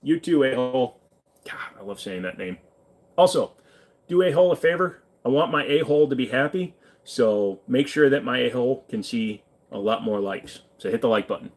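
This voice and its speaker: A man from Virginia casually answering live chat questions, offhand and swearing freely, while sitting in a friend's pawn shop. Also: medium pitch.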